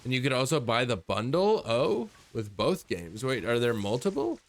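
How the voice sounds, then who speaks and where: A man's voice: medium pitch, sing-song, normal speed. A man chatting casually on a stream, rambling and laid-back and swearing freely.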